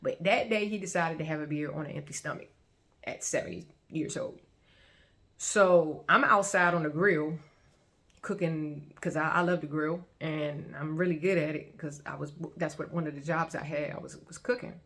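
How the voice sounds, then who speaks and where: A woman's voice: low-pitched, moderate pace, fairly bright tone. A woman casually telling her own story to viewers in a chatty, colloquial way, often breaking into laughter. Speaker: vlogger sharing her testimony.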